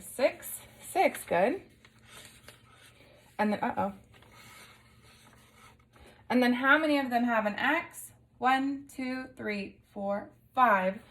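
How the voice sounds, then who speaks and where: Young woman teacher, talks slow, patient phonics with small kids, kinda high voice. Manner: patient, sounding out letters for young children. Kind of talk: early-grade lesson video.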